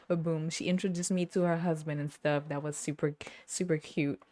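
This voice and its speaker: Speaking directly to her camera, a podcast host tells stories in a loose, wandering monologue, her voice sitting on the low side for a young woman. She's lively and talkative, laughing frequently and slipping into quick impressions of other people. The sound is dry and intimate, with hardly any room around it.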